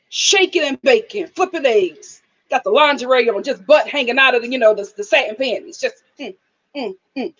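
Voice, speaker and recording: A woman's voice: on the high side, dull audio. A woman hosting a live reality-TV review in a casual chat style, sassy and emphatic, scolding the people she discusses. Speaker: show host.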